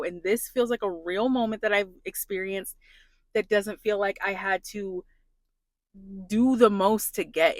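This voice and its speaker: A woman's voice: medium pitch, dry recording. Earnest woman vlogging, dry close sound. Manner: earnest, emotional, heavy use of "like". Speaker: plus-size influencer vlogger. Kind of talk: casual confessional vlog.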